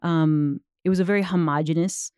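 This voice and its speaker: Low-voiced woman in her thirties telling a story. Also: steady tone, moderate pace, mellow, clean tone, no echo, studio quality. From United States. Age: 30s. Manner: reflective storytelling, many fillers. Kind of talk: casual chat.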